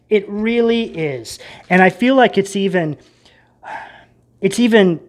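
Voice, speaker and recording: A man giving a casual tarot reading in a rambling, emphatic way that gets worked up. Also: sits high. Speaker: tarot reader.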